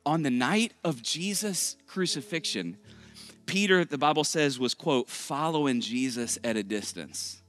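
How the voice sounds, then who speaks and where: A male pastor from Texas preaching a sermon to a big church room in a conversational, joking, animated way. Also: fairly high pitch, a little slow, faint music behind. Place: large church auditorium.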